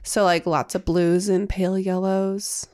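A woman's voice: mid-range voice, flat delivery, unhurried, a little mellow, smooth. A young woman co-hosting a casual podcast chat, giggling often and trailing off into fillers. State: pregnant. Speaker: podcast co-host.

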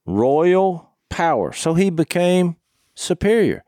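A man's voice: a little high, sing-song, slow, warm tone, no room sound. A man talks earnestly about scripture and reads verses aloud in a dry, close recording with no room sound. His delivery is casual but focused. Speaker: co-host of a Bible discussion podcast. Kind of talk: casual Bible study chat, reading verses.

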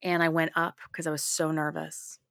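A middle-aged woman speaks as an interview guest, her voice sitting low. She tells stories with energy and slips into the voices of the people she quotes. The sound is dry and close. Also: moderate pace, creaky, dry recording. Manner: animated storytelling, acts out quotes. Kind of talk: casual interview chat.

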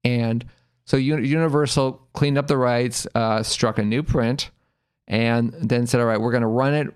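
Lively man telling a funny story. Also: medium pitch, normal speed, clean tone. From Los Angeles area. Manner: animated anecdote teller, acts out quoted voices, laughs often. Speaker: podcast guest telling a story. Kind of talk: casual storytelling.

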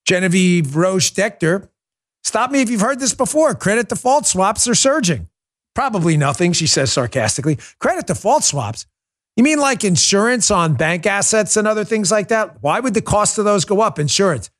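Sarcastic high-voiced male talk host. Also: normal speed. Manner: sarcastic, mocking, animated pitch swings. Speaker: political talk show host. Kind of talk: opinionated monologue.

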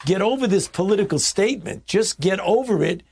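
A man's voice: high-pitched, lively intonation, brisk, gravelly, darkish tone, slightly rough. An older man, a public health official, speaking emphatically and with exasperation as he stumbles over repeated words. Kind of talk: press remarks.

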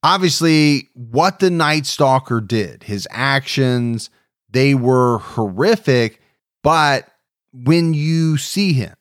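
A man hosting a podcast, talking in an emphatic, animated way. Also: medium pitch, takes it slowly, dry recording, studio quality. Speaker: podcast host. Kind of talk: casual podcast discussion.

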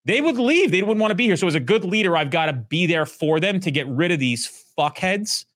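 A man with a slightly high voice talks in a blunt, profane, animated way in a casual podcast chat. He runs a police training company and acts out quoted talk in loud bursts. The sound is dry and close. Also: brisk, no room sound.

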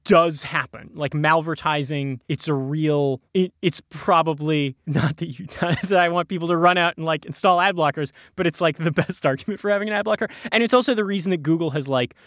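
A man's voice: a little high, brisk, hardly any pauses, fairly bright tone, no echo, studio quality. A man casually explaining a technical topic on a podcast, restarting sentences and padding with fillers. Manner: explains with many restarts and fillers, chuckles often. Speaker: tech podcast guest explaining encryption.

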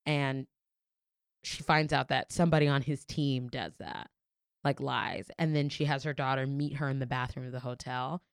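A woman's voice: a bass voice, normal speed, vocal fry, clear, resonant tone, no echo, studio quality. A young adult woman in a casual podcast chat, telling a story with lots of "like" fillers and free swearing. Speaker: podcast guest.

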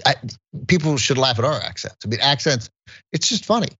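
A man co-hosting a podcast in casual chat, talking in halting bursts with many restarts and chuckling asides. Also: medium pitch, expressive, sharp tone, breathy edge, lo-fi sound. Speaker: podcast co-host.

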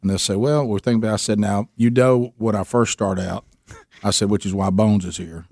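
Guy radio host, quick jokey talk, dry studio sound. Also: fairly low pitch, fairly even intonation, darkish tone, no echo. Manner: jokey, playful, quick talker. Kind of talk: casual call-in radio banter.

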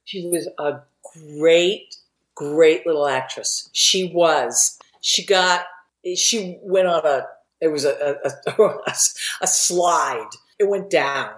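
A woman who writes and produces for TV, telling lively anecdotes in a casual interview and acting out the quotes. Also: sits low, slow. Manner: animated anecdote teller who acts out quotes. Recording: echoey room.

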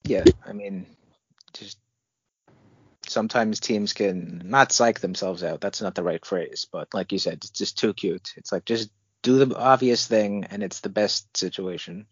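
A man co-hosting a casual sports podcast, relaxed, reading out draft news with his own asides. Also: lowish voice, measured pace, husky, no echo, muffled recording. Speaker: podcast co-host.

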